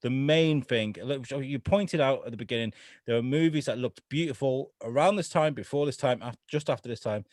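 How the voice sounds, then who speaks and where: A man's voice: medium pitch, a little fast, a little mellow, dry recording, studio quality. A man co-hosting a podcast in casual chat, swearing freely and slipping into mocking voice impressions. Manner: swears a lot, mocks voices with exaggerated impressions. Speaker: podcast co-host.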